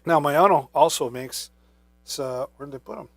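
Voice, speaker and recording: A man's voice: fairly high pitch, normal speed, gravelly, no echo. Casual male live-sale host, chatty, lots of ums, wireless mic sound. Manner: casual, chatty, many fillers. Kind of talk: live product demo. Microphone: wireless microphone.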